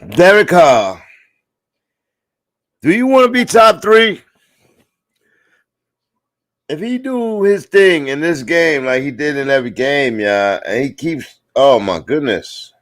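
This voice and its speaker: A man giving casual live play-by-play commentary, talking straight to his viewers in slang and breaking into loud exclamations on big plays. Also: mid-range voice.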